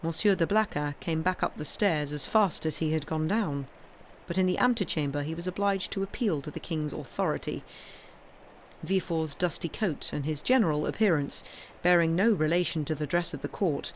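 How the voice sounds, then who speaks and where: A woman reading a classic novel aloud on a live stream, in a steady storytelling voice. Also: deep voice, normal speed, a little hiss or hum.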